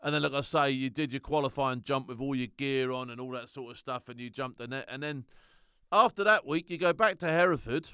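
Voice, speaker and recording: A middle-aged man telling animated, slangy stories as a former soldier and laughing often. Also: medium pitch, a little fast, clear, resonant tone, no echo, studio quality. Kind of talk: casual anecdote.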